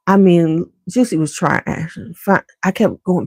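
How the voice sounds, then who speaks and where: Filming in her home basement, a middle-aged vlogger chats loosely to her viewers as she meanders through a family story at normal speed. Her voice is fairly low, gravelly, and somewhat dark in tone, recorded close and dry without any room echo.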